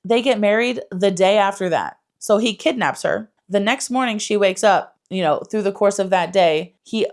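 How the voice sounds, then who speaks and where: A woman giving a casual, animated book review, swearing freely and saying "like" a lot. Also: mid-range voice, normal speed, few pauses. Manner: animated, swears, lots of "like" fillers.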